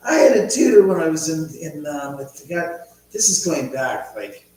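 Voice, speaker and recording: Middle-aged male livestream host, loose rambling storyteller, laptop mic far off, boomy room with a faint hum. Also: sing-song, normal speed, a little mellow. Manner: rambling storyteller, reads viewer comments aloud. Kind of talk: casual livestream chat. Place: large echoey room at home. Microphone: laptop mic from a distance. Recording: very echoey, distant, faint hum.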